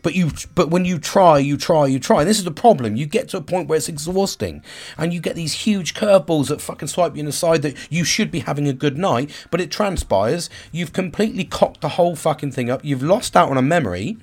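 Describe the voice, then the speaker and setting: Guy in his 40s venting, swears a lot, keeps restarting, voice a bit high. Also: brisk, a little mellow. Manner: raw, swearing heavily, restarting and searching for words. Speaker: vlogger. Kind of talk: candid personal monologue.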